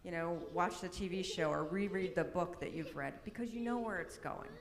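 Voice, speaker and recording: A middle-aged woman with a fairly low voice speaks at normal speed, giving a chatty, informal workshop presentation sprinkled with "right?" and "um." She's in a large church hall, and the audio is echoey with long reverb and a touch of noise.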